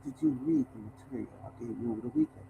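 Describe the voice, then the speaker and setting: A man voicing a smooth, hushed male executive who talks like Dracula, slow and near-whispered. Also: mid-range voice, slight background noise, voice pushed down, natural voice, low-quality recording.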